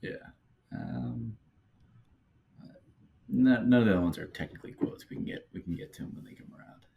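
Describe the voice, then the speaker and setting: Low-voiced man, rambling casual chat. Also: huge pitch swings, brisk, creaky, highs cut off. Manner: rambling, lots of fillers and hesitation. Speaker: podcast co-host.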